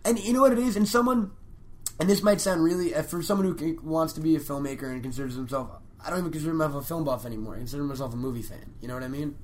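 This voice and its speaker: An excitable young man talking casually with a friend. His voice sits slightly high for a man, and he swears freely as he rattles through his opinions. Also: racing. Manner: excitable, swearing, retells comedy bits with big pitch jumps. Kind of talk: casual chat.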